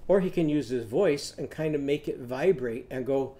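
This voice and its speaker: Leading a phonics lesson for small children, this man has a mid-range voice and keeps a moderate pace. He shares a brief story, then coaxes the kids along with simple songs, singing lines in a lively way so they can repeat them.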